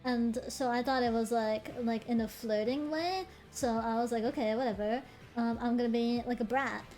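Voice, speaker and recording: A young woman streaming, her voice sitting a little high as she tells a story in casual chat. She is animated and swears freely, with quick laughing asides. Faint music runs underneath.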